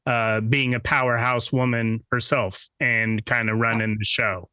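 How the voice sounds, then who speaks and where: A man's voice: mid-range voice, little pitch movement, unhurried, sharp tone, clean tone, no echo. A man hosting a podcast interview, chatting along and adding remarks to his guest's stories. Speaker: host.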